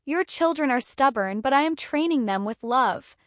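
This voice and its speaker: A woman's voice: sits high, animated, normal speed, no echo, clean studio sound. A woman voicing a cruel, scheming stepmother who is harsh and threatening by turns and falsely sweet at others.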